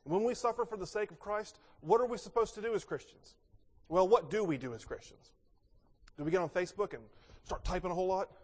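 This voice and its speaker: A pastor preaching a sermon, asking rhetorical questions and moving between emphatic and quiet delivery. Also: male voice, high voice, fairly quick, slightly rough. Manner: expressive, rhetorical questions, swings between loud and soft. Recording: long reverb in a large hall.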